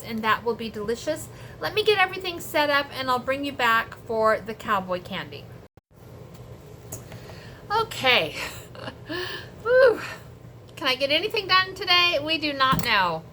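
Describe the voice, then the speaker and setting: A woman's voice: sits high, pushed and bright, slight background noise. A middle-aged woman chatting casually to viewers in a homey vlog from her kitchen and garden. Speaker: homesteading vlogger.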